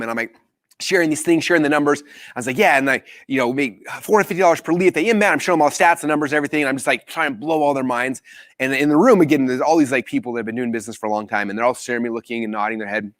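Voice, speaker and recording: A man hosting a live business training, telling a story with animated acted-out quotes. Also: racing, no room sound, studio quality. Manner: animated storytelling, acts out quotes with big pitch jumps.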